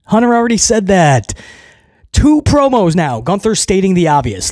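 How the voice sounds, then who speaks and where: Sarcastic guy hosting a recap, kinda high voice, keeps going "right?", cusses a bit. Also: very animated, moderate pace, a little mellow, no echo, clean studio sound. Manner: sarcastic, mocking, swears, keeps asking "right?". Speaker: host recapping a wrestling show. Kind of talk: casual recap commentary.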